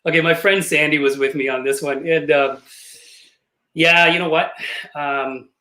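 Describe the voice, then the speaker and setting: Over a video call, a podcast guest of about fifty tells jokey stories with lots of laughter in a casual chat. His voice is on the high side, bright, and forceful, with fairly even intonation and a measured pace. The call audio sounds roomy and echoey.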